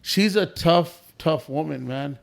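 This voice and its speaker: A man's voice: fairly high pitch, slow pace, vocal fry. A man guesting on a podcast, telling family stories in a laid-back, casual way, swearing freely and laughing as he goes. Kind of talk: casual storytelling chat.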